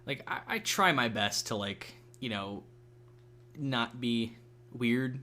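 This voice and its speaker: A man's voice: medium pitch, lively intonation, slow pace, sharp tone. Young man, gameplay chat, rambling, loose, restarts often, cusses. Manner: rambling, many fillers and restarts, swears freely. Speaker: gaming channel host.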